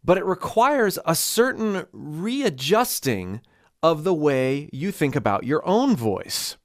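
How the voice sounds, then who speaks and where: Lively, slow-speaking male vocal coach. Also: on the high side, no echo, clean studio sound. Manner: expressive, demonstrates with voice. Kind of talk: singing lesson explanation.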